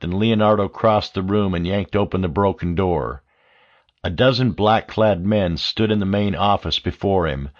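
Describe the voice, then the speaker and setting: Low-voiced male audiobook narrator. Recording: dull lo-fi audio.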